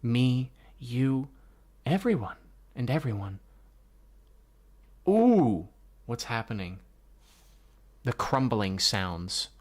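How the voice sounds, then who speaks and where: A man reads a comic aloud and reacts to it page by page. His delivery is unhurried and casual, with frequent swearing and heavy sighs. He sits in a mid range, neither high nor low. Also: sing-song. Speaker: manga reader reacting. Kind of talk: live reading reaction commentary.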